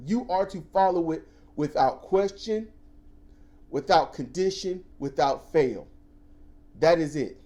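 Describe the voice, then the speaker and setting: Male co-host, casual ranting storyteller, mellow dark voice, very lively pitch, mocking quotes. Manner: animated storytelling, swings into loud mocking quotes. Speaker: podcast co-host.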